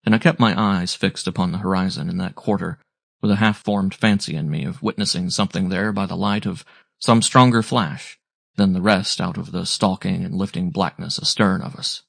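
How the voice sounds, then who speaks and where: A man narrating a classic sea story aloud in a measured, descriptive storytelling manner. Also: sits low, fairly even intonation, vocal fry, fairly bright tone, dry recording, studio quality. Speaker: audiobook narrator.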